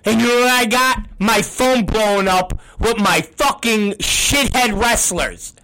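A middle-aged man, a wrestling promoter, ranting on a talk show, swearing constantly and breaking into shouts. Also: high voice, measured pace. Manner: profane, ranting, bursts into shouting.

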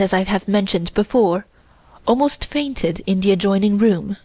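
A woman reading a classic novel aloud as an audiobook narrator, in a measured, even delivery. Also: medium pitch, dry recording, low-quality recording.

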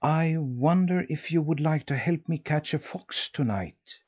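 A man's voice: on the high side, a little slow, breathy edge, lo-fi sound, pitched above the performer's own voice. A man voicing a tiny, plucky young boy in a storybook reading, talking eagerly and urgently. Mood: hushed.

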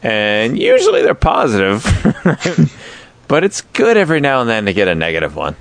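A man's voice: mid-range voice, wildly swooping pitch, moderate pace. A man co-hosting a comedy podcast, bantering casually and reading listener email aloud in a jokey way. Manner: jokey, reads aloud with exaggerated voices. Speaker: podcast co-host.

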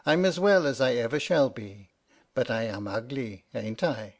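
A man voicing a gloomy, resigned old sailor in an audiobook reading, speaking low and sadly. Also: normal speed, close to an everyday voice. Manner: sad, resigned, low-spoken.

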